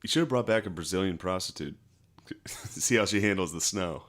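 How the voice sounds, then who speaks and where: Low-voiced profane podcast co-host man. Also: fairly bright tone. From United States. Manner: profane, mocks accents in quick bits. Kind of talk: casual crude banter.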